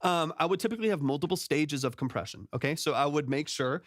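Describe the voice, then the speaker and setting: Fast-talking man, producer on stream. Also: fairly high pitch, dry recording, studio quality. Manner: relaxed, thinking aloud with frequent "um" and "right?". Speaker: music producer hosting a feedback stream. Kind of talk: casual livestream mix feedback. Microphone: close studio vocal mic through compressors.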